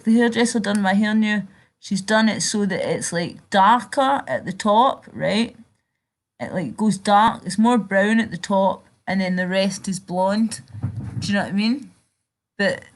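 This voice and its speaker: A young British woman chatting casually on a livestream, chatty and sweary, reading and answering her chat. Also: mid-range voice. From Britain. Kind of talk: casual live-stream chat.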